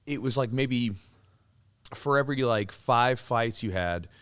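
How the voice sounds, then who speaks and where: Podcast host, male, former fighter, lively anecdote-teller, medium pitch. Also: a little slow, smooth. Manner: animated, laughing, many fillers and restarts. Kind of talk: casual storytelling chat.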